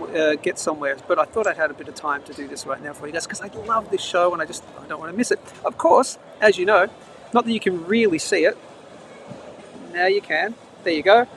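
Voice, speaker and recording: An Australian man hosts a live market show outdoors near traffic between trains, chatting and reading the news aloud with quick asides. His voice sits a little high. It's a noisy outdoor live stream with clear street and traffic noise underneath.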